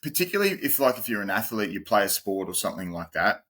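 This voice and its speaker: A man in his forties with an Australian accent talks as a podcast guest, explaining things plainly and laughing easily. His voice sits low. His tone is bright and forceful. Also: very animated, fast talker. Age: 40s. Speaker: guest, pain-reduction specialist. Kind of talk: casual podcast conversation.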